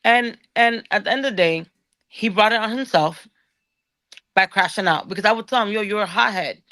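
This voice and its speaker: A woman's voice: mid-range voice, fairly quick, bright, forceful tone, no room sound. A woman ranting angrily as a guest on a show, swearing often and restarting her words as she gets worked up. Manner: angry, profane, repeats and restarts words. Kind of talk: heated ranting call-out.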